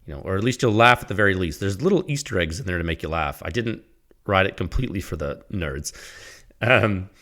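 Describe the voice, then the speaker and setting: This man's voice is low, animated and fairly quick, with a fairly bright tone. Hosting his own podcast alone, he talks loosely and wanders off topic, chuckling at himself as he delivers his sponsor read.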